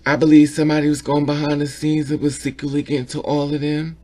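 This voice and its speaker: A man's voice: fairly high pitch, monotone, fast talker, darkish tone. A man giving an emotional opinion vlog about a documentary, repeating himself and stammering when upset. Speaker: vlogger reviewing a documentary.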